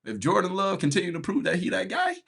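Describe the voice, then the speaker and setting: A man hosts a casual sports rant, his pitch swinging widely as he goes from exasperation to laughter. His voice is husky and his speech slangy and loose. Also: wildly swooping pitch, fast talker, a bit bright. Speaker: podcast host.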